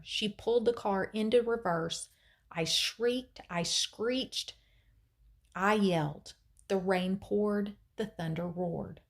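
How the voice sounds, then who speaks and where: A woman teacher reading a novel aloud in an expressive storytelling way, with dramatic pauses. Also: mid-range voice.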